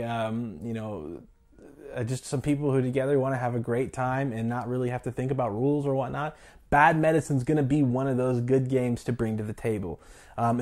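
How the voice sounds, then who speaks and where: A man's voice: mid-range voice, darkish tone. A man casually reviewing a board game, chatty with many fillers and laughing at the topic. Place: indoors at a table with the game.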